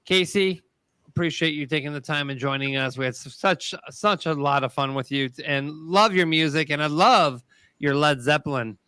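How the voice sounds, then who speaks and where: Bright upbeat man hosting a talk show. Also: fairly high pitch, moderate pace, clear, resonant tone, no room sound. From USA. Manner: upbeat, thankful, wraps up guests. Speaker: show host.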